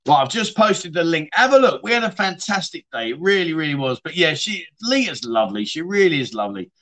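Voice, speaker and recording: A man's voice: fairly high pitch, big pitch swings, brisk, a bit bright. A middle-aged man, hosting a casual livestream chat show, reading viewer comments and rambling into stories with matey banter. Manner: chatty, rambling storyteller with mates' banter.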